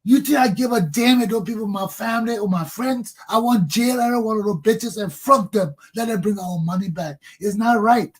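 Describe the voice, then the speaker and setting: A man's voice: high-pitched, a little fast, few pauses, husky. A man with a Liberian English accent hosting a talk show, delivering an angry, profane political monologue. He keeps repeating phrases and ends lines with "man".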